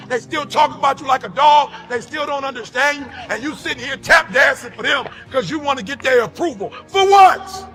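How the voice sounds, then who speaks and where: A man's voice: very high voice, pushed and bright. A man giving an impassioned motivational speech with a preacher-like delivery. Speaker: motivational speaker.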